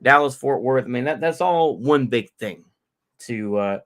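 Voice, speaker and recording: A man's voice: medium pitch, animated, a little slow. A middle-aged man from North Texas talks on his own livestream in a loose, rambling way. He cusses freely and keeps repeating himself between asides. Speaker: livestream host. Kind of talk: casual livestream rant.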